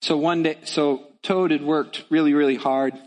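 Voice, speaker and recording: A man's voice: fairly high pitch, fairly even intonation, moderate pace, big-room sound. A male pastor preaching a sermon in a church, with an emphatic, repetitive cadence.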